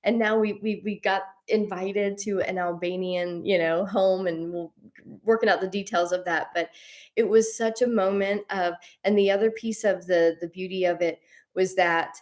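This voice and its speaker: A woman's voice: medium pitch, steady tone, moderate pace, darkish tone. A woman hosting a spiritual series, telling a personal story casually, rambling with frequent restarts and laughs. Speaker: host of a spiritual journey series.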